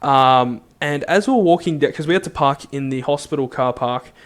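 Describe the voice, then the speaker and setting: A young man, a co-host, telling an animated story in casual chat. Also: mid-range voice. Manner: animated storyteller, does quick voices in quotes. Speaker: podcast co-host.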